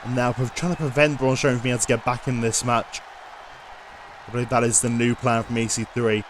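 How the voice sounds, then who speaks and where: A man giving lively play-by-play commentary over a wrestling video game, often bursting into loud excited shouts. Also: mid-range voice, fairly quick, noisy background.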